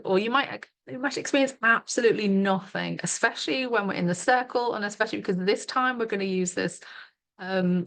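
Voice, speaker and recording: A middle-aged woman with a mid-range voice runs a live online workshop as a coach, sounding chatty and giggly and using lots of fillers. She is heard through a webcam mic.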